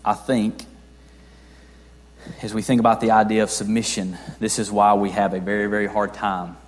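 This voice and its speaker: A young man preaching a sermon as a pastor, talking conversationally with rhetorical questions and swinging between soft and loud. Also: fairly low pitch, level tone, normal speed. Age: young adult. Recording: long reverb of a large hall.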